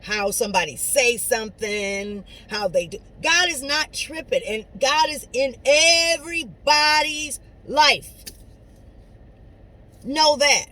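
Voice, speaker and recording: A woman's voice: high-pitched, slow, bright, forceful tone, rough recording. Preachy woman giving a pep talk. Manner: preachy and conversational, with emphatic swings up and down. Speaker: motivational speaker. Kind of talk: inspirational monologue to camera.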